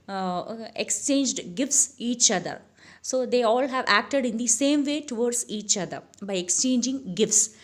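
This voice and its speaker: A woman teaching an English grammar lesson in a somewhat high voice. She halts often on "uh", corrects herself mid-sentence and says each example sentence over again slowly. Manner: many "uh" fillers and self-corrections, repeats the examples slowly. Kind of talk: explaining grammar to students.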